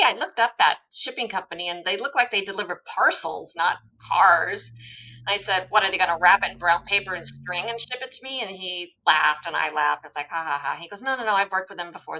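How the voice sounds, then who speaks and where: A woman's voice: fairly low pitch, poor audio. A woman from the United States telling a personal story in a casual talk, acting out the quoted dialogue. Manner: animated, acts out quoted dialogue, laughs at herself. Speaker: guest telling her story.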